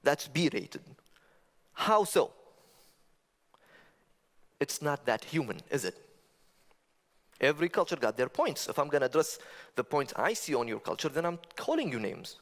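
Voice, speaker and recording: A man giving a stage talk with stand-up humor, talking conversationally, asking the audience rhetorical questions and making animated asides. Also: a little high, unhurried, long pauses. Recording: long reverb of a large hall.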